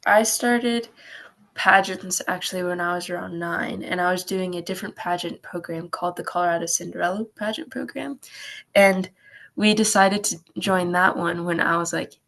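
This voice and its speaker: A woman's voice: on the low side, steady tone, normal speed, gravelly, fairly bright tone. A teenage girl talking earnestly in an interview, with many "like" fillers. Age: teens. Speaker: guest. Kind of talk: casual interview talk.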